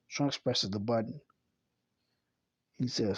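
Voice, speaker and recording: A man reading a comic chapter aloud in a plain, unhurried way, correcting himself as he goes. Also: medium pitch, slightly rough, highs cut off. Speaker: comic reader.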